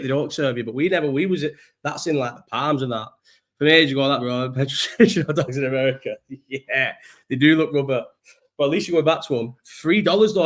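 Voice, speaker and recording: A young man, chatting casually and rambling on a live stream, swearing and laughing often. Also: fairly high pitch. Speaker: livestream host. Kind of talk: casual chat reading live chat.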